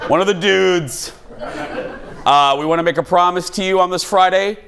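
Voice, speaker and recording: A man's voice: high voice, normal speed, smooth. A man hosting a comedic talk show in a TV studio, telling self-deprecating stories and jokes to a live audience. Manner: jokey, animated, self-deprecating storyteller. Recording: studio audience and background noise.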